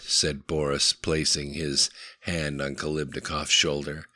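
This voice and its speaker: A man narrating a thriller audiobook in a steady, measured way. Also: very deep voice, dry recording, studio quality.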